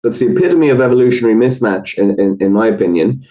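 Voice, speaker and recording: A man with an Irish accent, a podcast guest explaining research in a thoughtful, measured way with frequent fillers. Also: lowish voice, warm tone, low-quality recording. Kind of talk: conversational explanation.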